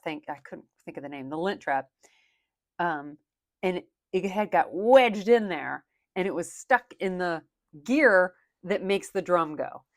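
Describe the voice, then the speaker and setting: A woman's voice: lowish voice, dry recording, studio quality. A young woman and working mom chatting casually while counting cash for her budget, rambling with lots of "like".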